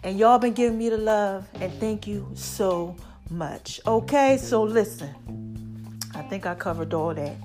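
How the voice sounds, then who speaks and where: A woman's voice: medium pitch, moderate pace, soft background music. A woman hosting a podcast, talking casually and with lots of animation to her listeners. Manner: chatty and animated, addresses listeners as "y'all" and "child". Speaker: podcast host. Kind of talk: casual motivational podcast talk.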